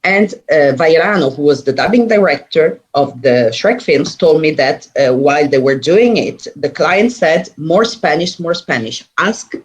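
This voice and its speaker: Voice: mid-range voice, expressive, normal speed, few pauses, highs cut off. Hesitant speaker giving an academic talk. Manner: hesitant, frequent fillers and restarts. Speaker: academic presenter. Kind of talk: recorded conference talk.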